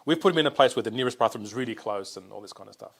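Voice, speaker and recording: A man co-hosting a podcast, telling lively anecdotes with laughs in casual conversation. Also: mid-range voice, racing, vocal fry. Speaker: podcast co-host.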